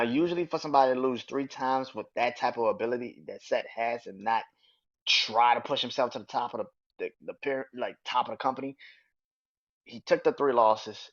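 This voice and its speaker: A man hosting a podcast, talking casually and excitably about wrestling and swearing freely. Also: mid-range voice. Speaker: podcast host. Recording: dull lo-fi sound.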